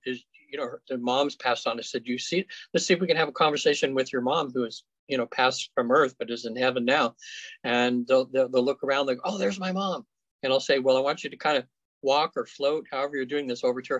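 Man, interview guest, halting storytelling, mid-pitched voice, dry dull lo-fi sound. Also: no room sound. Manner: halting, full of ums and restarts. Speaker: afterlife researcher guest.

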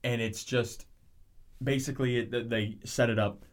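A man's voice: mid-range voice, moderate pace. A man in casual chat, animatedly retelling a show's plot with lots of restarts and tangents. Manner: rambling, animated storytelling with frequent restarts.

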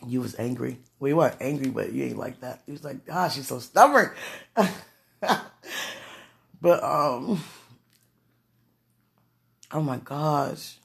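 Woman with a gravelly voice, giggly and gushing, for casual vlog talk and prayer. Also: rumbling low, slow, long pauses. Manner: giggly, gushing, breathless exclamations.

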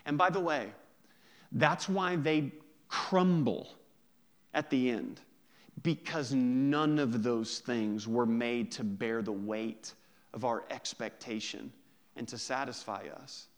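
A man pastor preaching a sermon in a conversational, joking way, drawing out key words slowly for emphasis. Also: medium pitch.

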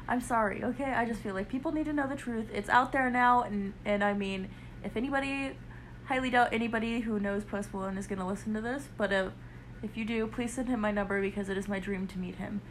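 A woman's voice: medium pitch, fairly even intonation, brisk, a little hiss or hum. A young woman with a Southern US accent co-hosting a podcast, chatting casually, gushing and playful with frequent giggles. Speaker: podcast co-host.

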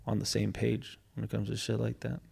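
Gravelly-voiced man in casual podcast chat. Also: fairly low pitch, monotone, a little fast, warm tone. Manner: laid-back slangy talk, swearing.

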